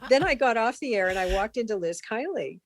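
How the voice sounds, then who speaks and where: A middle-aged woman, a broadcast consultant, telling animated career anecdotes as a podcast guest and acting out the voices of people she quotes. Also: fairly high pitch, brisk, dry recording. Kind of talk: storytelling in a podcast interview.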